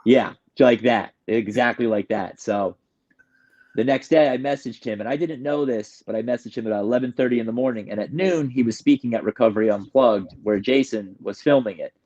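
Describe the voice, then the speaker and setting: A New York man, a guest on the show, tells the story of his recovery in a medium-pitched, brisk, mellow voice. He's candid and emotional, rambling and frequently restarting his sentences. The audio sounds dull.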